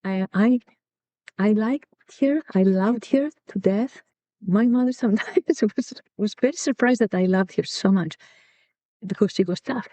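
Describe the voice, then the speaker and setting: A woman's voice: mid-range voice, measured pace, warm tone, dry recording. A middle-aged woman from Greece, telling family stories in an interview, reflective and repeating words as she searches for them. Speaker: podcast guest and co-founder. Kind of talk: personal storytelling in an interview. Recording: dull lo-fi dry recording.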